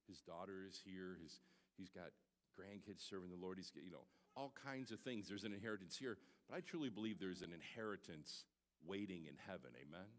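A male pastor preaching a sermon in a church, swinging from shouted exclamations to soft, near-tearful asides. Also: medium pitch. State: holding back tears. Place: church sanctuary. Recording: long hall reverb.

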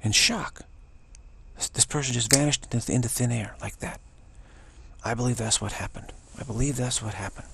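A man's voice: medium pitch, normal speed, background noise. An older man giving a rambling spiritual talk, meandering and repeating himself, dropping to a whisper for emphasis. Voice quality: gravelly, husky. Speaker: spiritual teacher.

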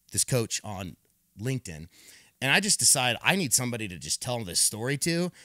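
A man's voice: lowish voice, sharp tone, no room sound, clean studio sound. Man telling his story with emphatic restarts. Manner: emphatic, repeats words when restarting, quotes others in his own voice. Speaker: podcast guest. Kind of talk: candid personal storytelling.

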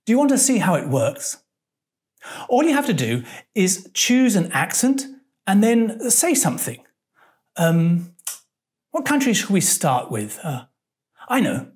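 Slow, lively woman presenting a lesson. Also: medium pitch. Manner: playful, hesitant with fillers and puzzled asides. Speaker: teacher presenting an English lesson. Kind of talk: scripted educational presentation.

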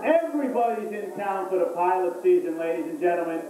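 Stand-up comic, male, hammy emcee delivery, high voice, very echoey room. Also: lively intonation, fairly quick. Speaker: stand-up comedian. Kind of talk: stand-up comedy set. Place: small comedy club. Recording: far-off, echoey club recording with hiss.

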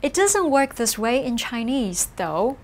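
A woman narrating a scripted language lesson, explaining slowly and carefully and encouraging the learner. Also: fairly high pitch, big pitch swings, darkish tone. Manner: slow, careful, encouraging explanation with model phrases. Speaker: language teacher.

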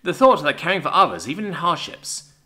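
A man narrating a science fiction story in an expressive, scripted storytelling manner. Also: a little high, brisk.

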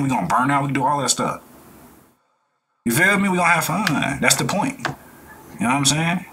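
A man hosting a reaction video, talking in a rambling, animated way and often laughing. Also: mid-range voice, slight background noise. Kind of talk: casual reaction commentary.

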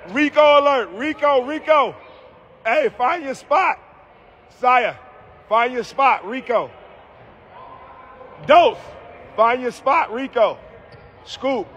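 High pitched guy yelling encouragement at his kids' team from the sideline, some faint noise behind. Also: animated, slow pace, pauses often. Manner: loud encouraging calls, repeats himself. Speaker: youth basketball coach. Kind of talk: courtside coaching shouts.

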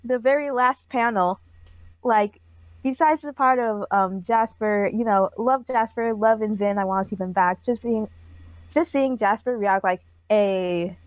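A woman's voice: fairly high pitch, a little slow, no room sound, lo-fi sound. A woman co-hosting a casual podcast, giving bubbly, rambling feedback on a comic. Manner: bubbly, rambling, playful voices. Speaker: co-host reviewing comics.

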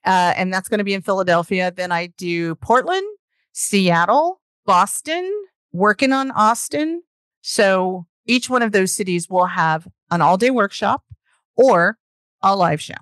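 A woman's voice: mid-range voice, expressive, measured pace, a bit bright, no echo, clean studio sound. A woman with a Southern US accent, a storytelling guest talking enthusiastically in a casual podcast chat over a call. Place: home, remote call.

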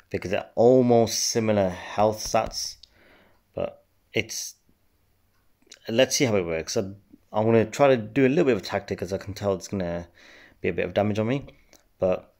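A man casually commenting on his mobile game play, relaxed and rambling with many fillers. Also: on the low side, creaky. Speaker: game channel host.

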